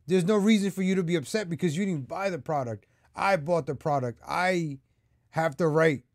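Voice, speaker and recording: A man's voice: fairly high pitch, moderate pace, no room sound, clean studio sound. A man hosting his own political commentary vlog, talking straight to his viewers in a heated, repetitive rant. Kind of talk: ranting opinion vlog.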